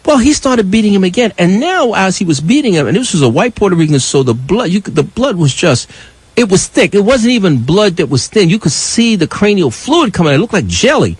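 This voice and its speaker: An older man from New York telling a passionate personal story as a live radio call-in co-host, with a husky voice and wide emotional swings. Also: high-pitched, sing-song, brisk, no echo, rough recording. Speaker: radio talk show co-host.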